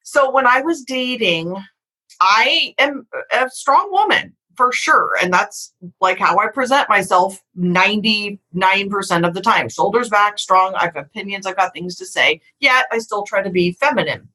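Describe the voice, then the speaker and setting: A woman's voice: medium pitch, lively intonation, normal speed, sharp tone, rough recording. A middle-aged woman hosting a podcast, talking frankly and emphatically in a candid conversation, swearing casually. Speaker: podcast host.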